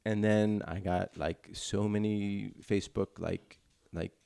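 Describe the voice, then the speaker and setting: A man's voice: on the low side, steady tone, slow, vocal fry, mellow, clean tone. A man co-hosting a casual podcast chat, wry and dry, cracking jokes and checking in on the others. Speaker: podcast co-host.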